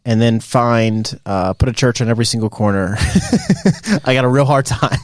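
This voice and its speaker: Animated chatty man hosting a podcast. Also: mid-range voice, moderate pace, no echo, clean studio sound. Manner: animated, chatty, laughs often, many fillers. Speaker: podcast host. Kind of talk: casual chat.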